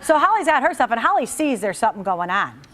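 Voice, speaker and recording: A woman's voice: fairly high pitch, fast talker. A middle-aged woman, a talk show host, telling a comic story in a chatty monologue and speaking straight to her audience. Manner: animated, chatty, addresses the audience directly.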